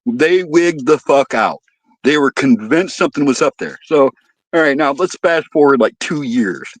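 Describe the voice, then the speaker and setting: Animated, swearing man telling stories. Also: on the high side, normal speed, no echo, low-quality recording. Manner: animated, profane, acts out voices and sounds. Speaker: podcast guest. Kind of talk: casual storytelling.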